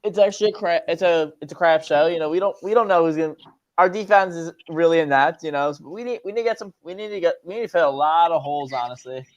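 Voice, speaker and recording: Young male call-in host, a bit high-pitched, halting, casual. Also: highs cut off. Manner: halting, repeats words, laughs often. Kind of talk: casual call-in sports talk.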